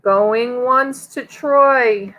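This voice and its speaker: Southern woman auctioneer, high and unhurried, upbeat bid calling. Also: fairly bright tone, rough recording. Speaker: auctioneer co-host. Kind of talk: live online auction calling.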